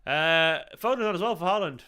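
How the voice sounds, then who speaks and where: Casting note: man, live-stream host, tired but effusive, bright crisp voice, casual swearing. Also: high voice, lively intonation, fairly quick. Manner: effusive, swears freely, thanks viewers by name. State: tired and emotional. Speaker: streamer hosting a football watchalong.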